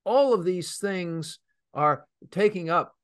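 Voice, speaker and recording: A man hosting a radio talk show, telling stories emphatically with many pauses and fillers. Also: high-pitched, lively intonation, smooth, dry recording, clean studio sound. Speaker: host.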